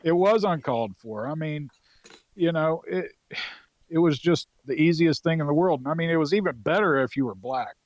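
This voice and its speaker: A man's voice: a little high, expressive, normal speed, dry recording, lo-fi sound. Guy around 40 from north carolina, swearing and rambling thru a war story, dry close sound. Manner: loose and profane, with many fillers. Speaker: podcast guest, Marine veteran. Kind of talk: casual storytelling.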